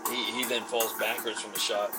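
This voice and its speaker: A man's voice: lowish voice, flat delivery, brisk. Casual male game master, rambling narration, distant mic, music underneath. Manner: rambling, laughs often, many fillers. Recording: far from the mic, music behind.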